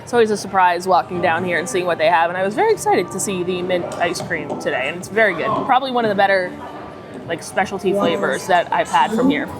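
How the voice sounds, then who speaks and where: A fairly low-pitched, expressive woman talks fast as she hosts a casual food vlog, chatty and upbeat while reviewing dishes. Crowd chatter from a cruise ship fills the background.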